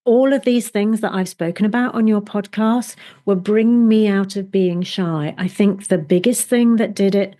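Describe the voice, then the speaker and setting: A woman's voice: medium pitch, moderate pace, few pauses, warm tone. Enthusiastic middle-aged woman coach. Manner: enthusiastic storyteller, acts out inner voices. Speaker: guest, confidence coach. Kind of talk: conversational interview.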